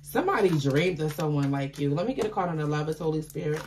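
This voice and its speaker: A woman giving a tarot card reading to her viewers, chatty and affectionate, with excitable bursts of laughter and exclamations. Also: deep voice, fast talker, noisy background. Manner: chatty, affectionate, calls listeners baby.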